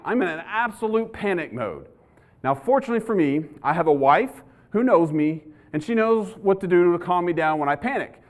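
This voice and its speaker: A man's voice: high-pitched, animated, normal speed. A middle-aged police trainer, giving a live training talk to an audience and telling stories as he goes. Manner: conversational storyteller, acts out his own panic. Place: university lecture hall.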